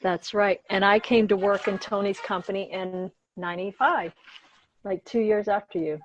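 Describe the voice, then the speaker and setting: A woman in her fifties hosting a podcast, talking in a lively, animated way. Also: mid-range voice, normal speed, muffled recording, slight background noise. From Georgia, USA. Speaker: podcast host. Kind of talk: casual podcast chat.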